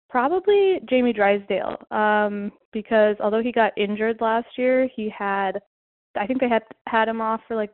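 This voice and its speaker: A woman's voice: mid-range voice, no room sound. A young woman from Southern California leaving a chatty fan voice message, full of likes and ums. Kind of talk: recorded voice message. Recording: tinny phone-quality voice message.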